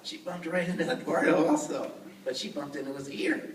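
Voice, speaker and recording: A man's voice: on the high side, fairly quick, roomy sound, far from the mic, slight background noise, low-quality recording. A man narrating a puppet show for children in a playful way, speaking to the young audience. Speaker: puppeteer storyteller. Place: outdoor fair.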